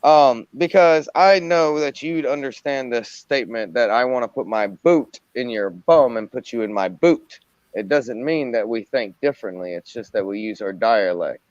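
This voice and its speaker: A man's voice: medium pitch, animated, normal speed, no room sound. Man joking around on a lo-fi mic. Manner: joking, wordy, puts on mock accents. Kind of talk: casual stream banter. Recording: dull dry lo-fi mic.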